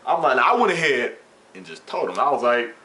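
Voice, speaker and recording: A man's voice: medium pitch, brisk. A man vlogging, casually retelling a workplace story with slang and swearing and acting out the dialogue. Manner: animated, slangy, profane retelling with quoted dialogue.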